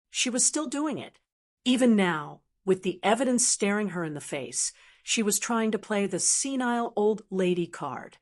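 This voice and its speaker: A woman narrating a first-person drama story in a calm, dry, measured way. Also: medium pitch.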